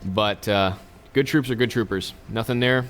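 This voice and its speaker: A man's voice: fairly low pitch, moderate pace, a bit bright, faint music behind. A man hosting a let's play, giving casual, chatty commentary with joking asides to his viewers.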